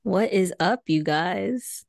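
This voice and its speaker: A woman's voice: on the low side, takes it slowly, creaky, darkish tone, no room sound, clean studio sound. A woman co-hosting a podcast, chatting casually, asking questions and laughing often. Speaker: podcast co-host. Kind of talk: casual chat.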